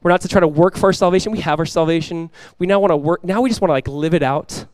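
Preaching with energy and an easygoing, conversational manner, a young adult man frequently begins his phrases again. His pitch is a little high, he talks fast, his tone is clean, and there's no room sound.

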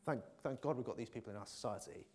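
Male preacher, mid-pitched, casual sermon delivery with ums, rising to fervent calls to the congregation. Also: fast, a little mellow, slightly rough. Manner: earnest, hesitant with many fillers, builds to emphatic appeals. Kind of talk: conversational sermon.

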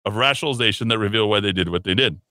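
A man's voice: lowish voice, very fast, pushed and bright, no echo. A male talk host reading an article aloud and mocking it, with sarcastic asides and a put-on snooty voice. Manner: sarcastic, puts on a snooty voice to mock the writer; stumbling asides and restarts, laughs at his own jokes. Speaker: radio talk show host.

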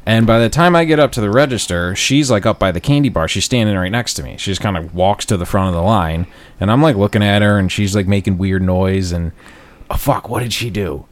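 A man co-hosting a casual chat show, telling a profane story and loudly acting out what people said. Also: fairly low pitch, brisk. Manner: profane, animated storyteller, loud acted-out quotes.

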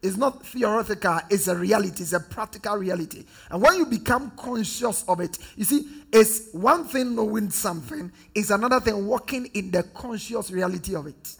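A high-voiced pastor from Ghana preaches with fervour and leads his congregation in call-and-response. His voice is gravelly and husky, and he swings between ringing declarations and near-whispered repetition. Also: moderate pace. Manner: emphatic, repetitive preaching, swings from loud to hushed.

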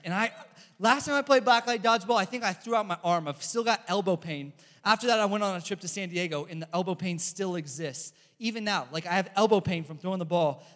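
Animated young male youth preacher, echoey hall. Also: high voice. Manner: animated, chatty, lots of "like" and "bro". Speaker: youth pastor. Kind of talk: casual youth sermon with storytelling.

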